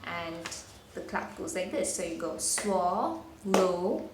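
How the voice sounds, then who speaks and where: A woman's voice: fairly low pitch, level tone, normal speed. A woman teacher giving a spelling lesson for children, patiently explaining and sounding out words syllable by syllable. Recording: echoey room with faint noise.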